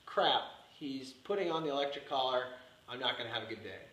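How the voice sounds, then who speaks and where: A man's voice: mid-range voice, expressive, a little fast, a bit bright, distant mic, a little hiss or hum, voice pushed down, natural voice. A man voicing his dog's grumbling inner thoughts, a male dog dreading what comes next, in an echoey space.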